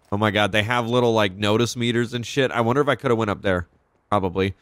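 A young man casually commenting as he plays a video game, excitable and profane, reacting out loud to the action. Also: fairly low pitch, fairly quick, clear, resonant tone, dry recording. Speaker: gaming channel host. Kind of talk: casual let's-play commentary.

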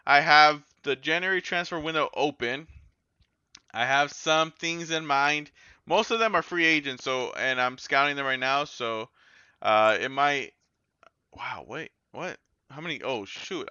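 A man giving casual, excitable gameplay commentary as a gaming YouTuber, yelling and swearing when the game goes wrong. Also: medium pitch, smooth, no room sound, highs cut off.

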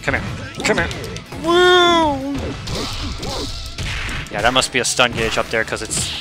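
A man giving excitable, playful commentary on his own fighting-game play, yelling at opponents and laughing often. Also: medium pitch, quick pace. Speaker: gaming streamer. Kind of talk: live gameplay commentary. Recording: game music playing behind the voice.

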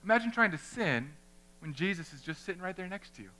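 A young man preaching a sermon as pastor in a church, animated and conversational, acting out the people he quotes. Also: sits high, fast. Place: church chapel.

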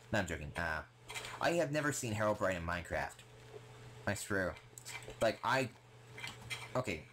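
A young man rambling casually in a vlog, excitable and full of fillers. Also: sits low, slight background noise. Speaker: gaming vlogger.

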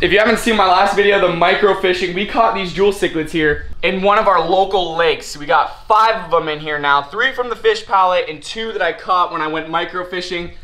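A man hosting an aquarium fish vlog, hyped and casual, calling his viewers ladies and gentlemen and saying freaking a lot. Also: sits high. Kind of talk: excited hobby vlog.

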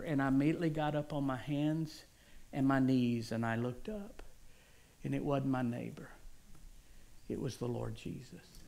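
A man's voice: medium pitch, measured pace, creaky, long pauses. Dramatic male preacher telling a testimony. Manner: dramatic storytelling that swings from hushed whispers to loud crying out. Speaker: guest preacher. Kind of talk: sermon testimony.

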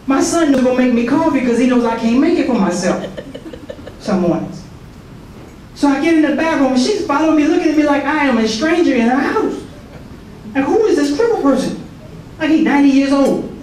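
At a prayer breakfast, a soldier shares his testimony sermon in a chatty, conversational way, with asides and repeated words. His extremely high, darkish voice is expressive and brisk, broken by long pauses. He sounds far away in a very echoey hall with faint noise.

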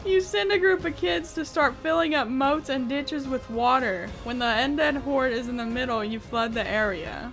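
A woman's voice: sits high, moderate pace, few pauses, a bit bright, faint music behind. A woman gaming YouTuber reading a text adventure aloud and reacting with frequent laughter, swearing and exclamations of disbelief.

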